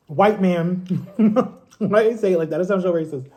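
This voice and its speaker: Man, 30s, high mellow voice, casual animated storyteller for a vlog. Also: normal speed. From Ohio, USA. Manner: animated, acts out quotes in a higher voice. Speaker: vlogger.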